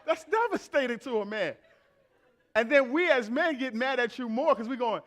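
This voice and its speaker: A man's voice: very high voice, lively intonation, normal speed, fairly bright tone. A man in his thirties preaching a sermon, blunt and playful, talking straight to the congregation.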